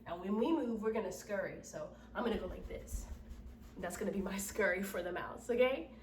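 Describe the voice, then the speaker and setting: A woman teaching children an acting lesson, explaining slowly and patiently and often asking "right?". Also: medium pitch, a little hiss or hum. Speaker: drama teacher. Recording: roomy echo, from mic distance.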